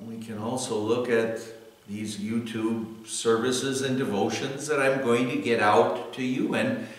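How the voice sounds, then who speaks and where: Male pastor, middle-pitched, unhurried devotional delivery, recorded far off in a reverberant room. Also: fairly bright tone. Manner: unhurried, earnest, with many "well" fillers. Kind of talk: devotional talk. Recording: echoey room, voice from a distance.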